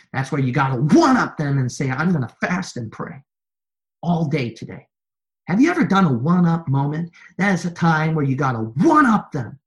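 A man preaching a sermon to his church, repeating refrains and building from quiet, low lines to loud, high-pitched exhortation. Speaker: pastor.

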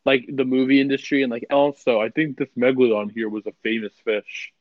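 A man's voice: mid-range voice, steady tone, a little fast, no room sound, natural voice. A man on a comedy podcast, playful and giggly in his interjections. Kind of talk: comedy podcast role-play. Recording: muffled lo-fi audio.

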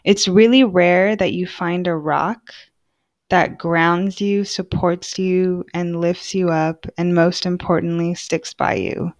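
A woman's voice: lowish voice, fairly even intonation, takes it slowly. Heartfelt young woman hosting a podcast. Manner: casual, heartfelt, lots of "like". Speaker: podcast host. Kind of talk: personal monologue.

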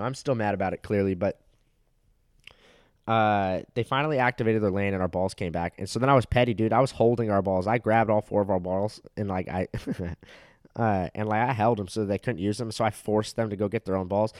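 A young man tells a rambling, profane comedic story that keeps getting heated, full of filler words. His voice sits on the low side and moves fairly quickly. The recording is dry and studio quality.

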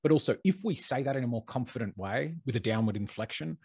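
A man, talking in a casual podcast chat. His voice is slightly husky and sits mid-range, and the recording is dry and close, with no room sound. He reasons aloud and tosses in playful asides. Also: medium pitch, animated, fast, a little mellow, dry recording. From Australia.

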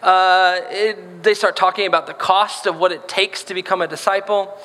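Bright high-voiced man preaching in a reverberant hall. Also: fairly even intonation, normal speed. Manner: playful, acts out voices in quotes. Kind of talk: sermon.

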